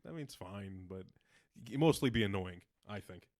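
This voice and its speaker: A man's voice: sits low, animated, normal speed, no room sound. Laid-back man with short dry replies. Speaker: podcast co-host. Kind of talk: casual podcast chat.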